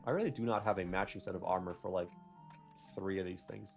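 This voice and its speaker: A man's voice: lowish voice, expressive, quick pace, gravelly, soft background music. A young man giving casual, rambling gameplay commentary, correcting himself and drifting into jokey rants. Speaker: gaming video creator.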